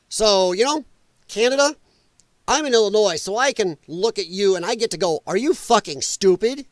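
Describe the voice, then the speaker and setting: A man's voice: sits high, measured pace, long pauses, dry recording. A man hosting a live political talk stream from home, rambling and sarcastic in a casual commentary style. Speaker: political livestream host.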